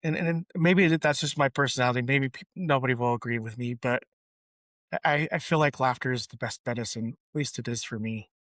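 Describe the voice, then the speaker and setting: A man hosting a podcast interview, supportive and quick to laugh, often restarting his sentences. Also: mid-range voice, fairly bright tone, dry recording. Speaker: podcast host. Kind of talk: casual conversational interview.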